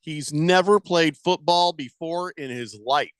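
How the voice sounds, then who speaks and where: A man's voice: a little high, unhurried, a bit bright, smooth, dry recording. A man hosting sports talk radio, chatting casually and joking around with playful exaggeration.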